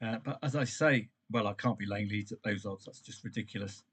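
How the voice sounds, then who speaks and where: A man's voice: on the low side, brisk, husky. A man hosting a football trading live stream, chatting with viewers and calling out matches. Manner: chatty, animated, addresses viewers by name.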